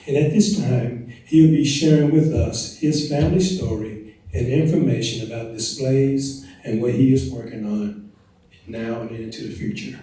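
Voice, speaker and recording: A man's voice: medium pitch, normal speed, mellow. A man acting as emcee, introducing the next speaker to an audience in a light, welcoming way. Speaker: event emcee. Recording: echoey hall, mic heard from a distance.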